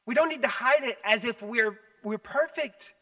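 A man preaching a sermon as pastor, animated, swinging between loud emphasis and hushed asides. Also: very high voice, normal speed, distant mic, rough recording. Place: church sanctuary.

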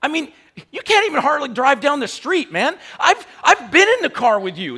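A man with a very high-pitched voice preaches a sermon at a moderate pace, animated throughout. He fills it with mocking rhetorical questions and laughs frequently.

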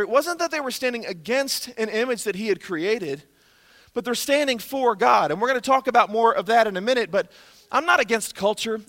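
A man preaching a sermon as pastor, energetic and exclamatory, often breaking into laughter. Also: very high voice, long reverb tail.

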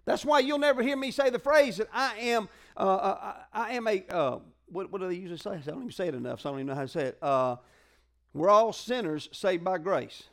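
Male preacher, high-pitched, chatty call-and-response sermon delivery. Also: fast, hardly any pauses, a bit bright. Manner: conversational, call-and-response preaching with colloquial asides. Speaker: pastor.

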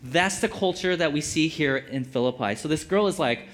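A man's voice: a little high, animated, moderate pace, a bit bright. A man giving casual Bible teaching as a preacher, conversational and full of filler words. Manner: conversational, lots of "like" fillers, acts out quotes.

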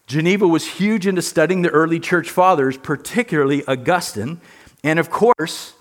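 A man's voice: a little high, moderate pace. Earnest man lecturing on church history. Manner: earnest, emphatic, repeats words. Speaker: teacher.

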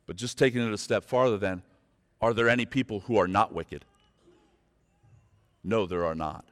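A man preaching a sermon as pastor, turning from quiet, slow reflection to loud, fervent pleading with his listeners. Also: on the low side. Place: church sanctuary. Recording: long hall reverb.

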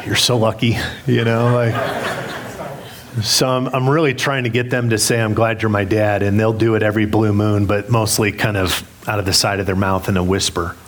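A middle-aged male pastor preaching in a church, his voice sitting on the low side. He speaks candidly and pokes fun at himself while telling a story. A faint hum of room ambience runs underneath. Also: level tone, moderate pace. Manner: candid, self-deprecating storytelling with humor. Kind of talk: sermon. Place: church sanctuary.

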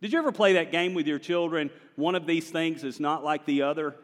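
Guy preaching a sermon, chatty and animated, big echoey church sound. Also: a little high, brisk. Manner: animated, conversational preaching with the congregation. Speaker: pastor. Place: large church sanctuary.

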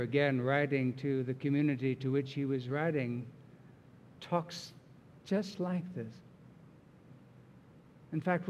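A man's voice: fairly high pitch, a little mellow. A man preaching a sermon as pastor, earnest and emphatic as he walks through scripture. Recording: long reverb of a large hall.

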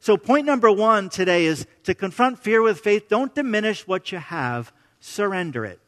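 This man's voice sits high and sounds animated and fairly bright, moving at a moderate pace with a long reverb tail. He preaches a sermon conversationally, often restarting phrases and checking in with "right?".

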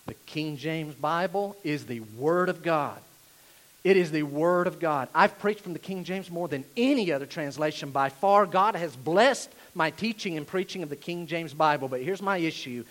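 A high-voiced male pastor with a drawl delivers a sermon. He leans hard on key phrases, then drops to quiet, confiding asides. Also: moderate pace, poor audio. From Asheville, North Carolina, USA. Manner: emphatic, swings between loud declarations and hushed asides.

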